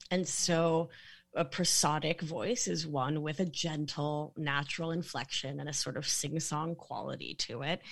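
Woman podcast guest, lowish voice, gentle sing-song delivery, calm explaining. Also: gravelly. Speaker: guest expert on sex and the nervous system. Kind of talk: casual podcast chat.

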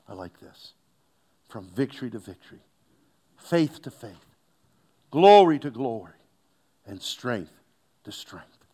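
A man preaches a sermon, calling out questions to the congregation and swinging between loud exhortation and hushed, near-whispered lines. His voice is medium in pitch.

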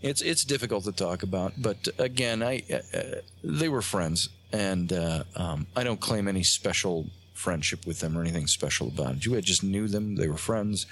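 A man, a guest on a talk show, tells a long story in a halting way, with many fillers and restarts. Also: low voice, fairly bright tone. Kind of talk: casual storytelling on a radio show. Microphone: phone line.

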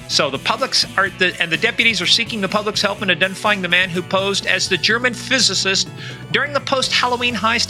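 A man's voice: high voice, pushed and bright. A man co-hosting a podcast, wisecracking in loose, joking banter before reading a news item and introducing the episode. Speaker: podcast co-host.

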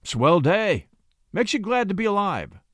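A man reading a story aloud, voicing a casual husband who turns loud and annoyed. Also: high-pitched, big pitch swings, measured pace, no echo, clean studio sound, voice pushed up, heavily acted. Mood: breezy. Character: easygoing husband, grown man, turns exasperated. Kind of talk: audiobook reading.

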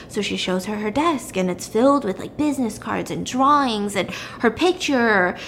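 A woman's voice: medium pitch, animated, moderate pace, creaky, fairly bright tone, slight background noise. A woman recapping a story in a casual, chatty, blunt way, using "like" often.

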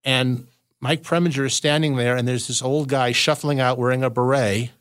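A man's voice: medium pitch, steady tone, moderate pace, fairly bright tone, smooth, no room sound, clean studio sound. Guy from socal telling old showbiz stories on a podcast, rambly, keeps restarting his sentences. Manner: rambling storyteller with frequent restarts. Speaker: podcast guest, showbiz historian. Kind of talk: casual anecdotal chat.

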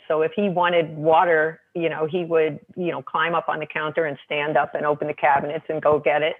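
A woman's voice: sits low, husky. A woman guest author telling parenting anecdotes in casual chat, full of "you know" and small restarts. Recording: tinny phone line.

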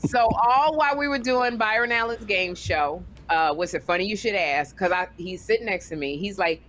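A woman co-hosting a talk show, telling a story in a lively, casual way and acting out other people's voices as she goes. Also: medium pitch, normal speed, few pauses, a little hiss or hum.

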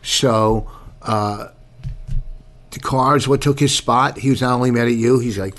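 A man's voice: mid-range voice, lively intonation, normal speed. A man bickering with his wife in casual chat, blunt and insistent, swearing freely and acting out what other people say.

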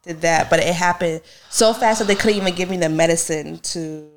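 A young woman speaks as a podcast guest, her voice sitting a bit low for a woman. She tells a long personal story in relaxed conversation and brings it to life by acting out what each person said. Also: brisk, slight background noise. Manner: animated, acts out quoted dialogue. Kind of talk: casual storytelling chat.

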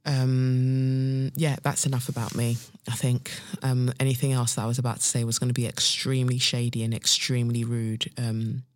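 A woman's voice: a bass voice, completely flat delivery, moderate pace, dry recording, clean studio sound. A woman hosting a podcast in a casual solo chat, slangy and self-hyping, full of fillers. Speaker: podcast host.

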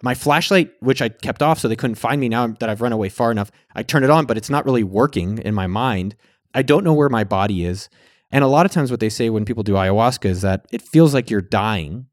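A man's voice: medium pitch, fairly quick, no echo, clean studio sound. A man vlogging in a casual storytelling style. He speaks candidly, swears freely, and acts out his own past words.

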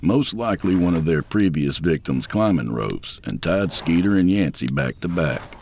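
A man narrating an audiobook thriller in an expressive storytelling manner, voicing all the characters. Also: low voice, moderate pace, slight background noise. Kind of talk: scripted narration.

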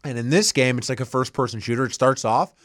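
A man's voice: mid-range voice, fast talker, dry recording. Podcast host guy, acts out his stories, dry close mic sound. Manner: animated storyteller, acts out quotes. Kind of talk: casual podcast banter.

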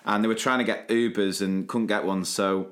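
A man with a fairly low voice, chatting casually on a podcast. He recalls a night out in an easygoing way and hands the story over to his co-host. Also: steady tone, moderate pace, fairly bright tone. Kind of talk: casual chat.

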